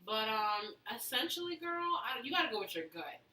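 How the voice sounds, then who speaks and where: A woman hosting a casual chat show, talking in chatty, quick bursts. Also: on the high side, very animated, bright, forceful tone. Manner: chatty, quick bursts, playful voices for quotes. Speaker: host. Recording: echoey room, mic far off, faint noise.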